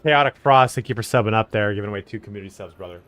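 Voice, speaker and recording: A man's voice: on the low side, very fast, fairly bright tone. A man chatting casually and joking crudely while streaming a game, thanking subscribers. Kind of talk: casual live-stream chat while gaming.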